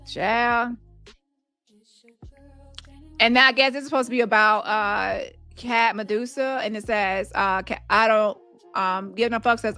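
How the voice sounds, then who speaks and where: A woman's voice: fairly high pitch, fairly even intonation, takes it slowly, long pauses, sharp tone, clean tone, faint music behind. A woman hosting casual commentary, blunt and profane, reading messages aloud and reacting with laughs. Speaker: commentary host.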